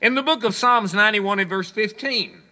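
A man preaching a sermon, quoting scripture and acting out people's complaints, swinging between loud proclamations and hushed asides. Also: sits high, moderate pace. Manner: preaching, quotes scripture, voices the complaints of listeners.

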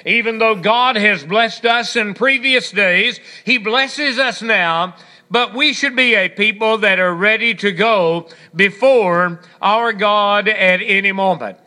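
A man's voice: high voice, a little slow, bright, forceful tone. A man preaching a sermon on gratitude, folksy and storytelling, with scripture and a bit of humor. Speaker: pastor.

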